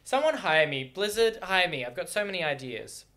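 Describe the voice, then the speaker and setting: A young man giving casual, excitable, rambling reaction commentary on video game cinematics, laughing often. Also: high-pitched, moderate pace.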